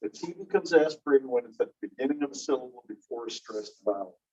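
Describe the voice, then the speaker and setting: A man teaching a linguistics class, explaining slowly and repeating key phrases while checking that students follow. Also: mid-range voice, lively intonation, a little mellow, slightly rough. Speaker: linguistics instructor. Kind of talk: classroom lecture. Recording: muffled distant classroom recording.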